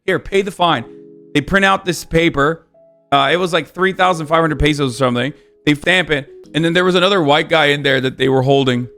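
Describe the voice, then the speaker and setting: Male streamer, slightly high voice, casual storyteller, exasperated and animated, faint music under him. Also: a little fast. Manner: animated, exasperated retelling with quoted exchanges. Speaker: livestreamer.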